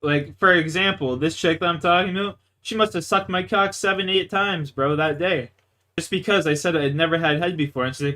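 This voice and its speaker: Bright-voiced crude young male streamer. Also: on the high side, a little fast. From Canada. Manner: crude, boastful, rambling with constant "like" fillers. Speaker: gaming livestreamer. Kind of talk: casual storytelling chat.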